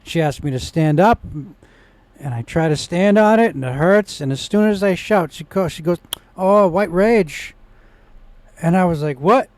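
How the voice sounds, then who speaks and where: A man's voice: a little high, animated, moderate pace, a little mellow, no echo. A man telling a personal story in a rambling vlog monologue, with restarts, growing indignant in places. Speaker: vlogger.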